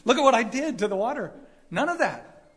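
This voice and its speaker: A man preaching a sermon as a Bible teacher, lively and conversational, acting out the people in the story and laughing often. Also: very high voice, a little fast, slightly rough. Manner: animated, acts out quoted voices, laughs often. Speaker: pastor.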